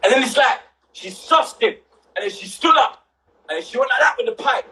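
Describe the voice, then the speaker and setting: A young man, telling a story on a casual livestream with rising excitement and shouts. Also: extremely high pitch, fairly quick, a little hiss or hum, low-quality recording. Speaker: livestream co-host.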